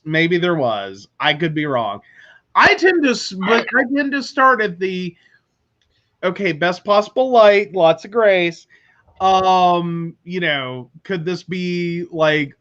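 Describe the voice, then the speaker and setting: A male host with a high voice who talks slowly and rambles, leaning heavily on filler words. The sound is dull and lo-fi. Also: fairly bright tone. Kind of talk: casual chat.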